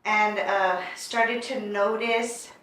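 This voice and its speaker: A woman hosting a paranormal investigation calmly explains what she heard and plans, with frequent fillers. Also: mid-range voice, very slow, a little hiss or hum. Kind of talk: casual interview and explanation.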